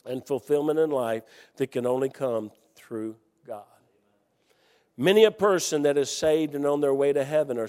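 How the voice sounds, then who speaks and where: A man preaching a sermon, telling a story with lively energy and reading scripture more calmly. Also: mid-range voice. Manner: animated, loud storytelling with laughs, then calmer scripture reading. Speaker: Baptist preacher. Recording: hall reverb.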